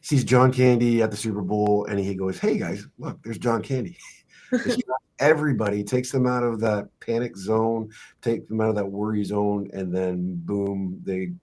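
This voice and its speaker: A middle-aged man hosting a sports podcast, telling stories in a rambling, halting way with many fillers. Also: lowish voice, steady tone, a little mellow. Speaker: podcast host and wrestling coach. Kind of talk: podcast interview.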